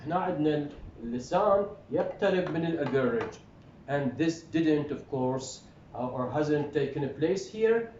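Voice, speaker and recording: A man with an Iraqi Arabic accent, a native Arabic speaker, giving a phonetics lecture, halting with restarts and fillers, then drilling word pairs clearly. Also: animated, darkish tone. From Iraq. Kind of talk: classroom lecture, switching between English and Arabic. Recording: roomy, dull lo-fi recording with faint rumble.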